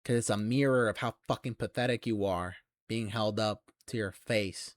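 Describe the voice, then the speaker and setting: A man's voice: lowish voice, fairly even intonation, moderate pace, no room sound. Young guy ranting at the camera, taunting and swearing, voice right up close and dry. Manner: aggressive, taunting and heavily profane, swelling into shouts. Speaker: channel host.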